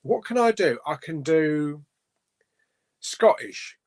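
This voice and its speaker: A man's voice: fairly high pitch, very animated, slow, a little mellow. A man hosting a casual live stream chat, reading out viewer comments and chatting about them.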